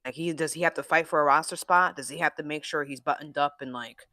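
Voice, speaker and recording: Bright, blunt sports podcast co-host. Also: medium pitch, fairly even intonation, quick pace, hardly any pauses, dry recording, studio quality. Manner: blunt and profane, acts out players' imagined thoughts. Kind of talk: casual sports chat.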